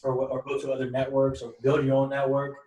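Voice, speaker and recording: A man's voice: medium pitch, completely flat delivery, quick pace, crowd noise. Roomy, distant man telling a rambling story. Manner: rambling storyteller with many restarts and quoted dialogue. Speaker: podcast guest. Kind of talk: casual podcast conversation.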